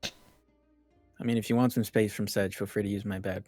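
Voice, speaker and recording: A man's voice: on the low side, fairly even intonation, moderate pace, darkish tone, no echo, soft background music. A man playing a tabletop game, talking in character in a plain, easygoing way. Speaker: player.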